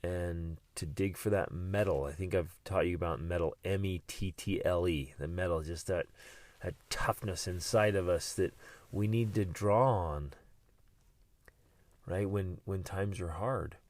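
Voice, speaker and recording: A man with a fairly low voice hosts a motivational podcast and talks earnestly about hard times. He often repeats a word or two as he starts a thought. The sound is close and dry, with no room echo. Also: a little slow, darkish tone. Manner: earnest, repeats words when starting phrases. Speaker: podcast host.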